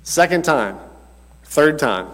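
A man's voice: on the high side, expressive, takes it slowly, fairly bright tone. A man preaching a sermon in a casual, conversational way, correcting himself as he goes and speaking straight to the congregation. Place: church. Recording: long church reverb.

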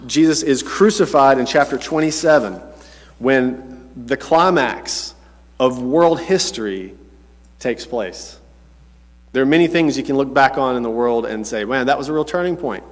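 Male pastor, mid-range voice, chatty sermon to a congregation, long church echo. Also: medium pitch. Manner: conversational, self-correcting, speaks straight to the congregation. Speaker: preacher.

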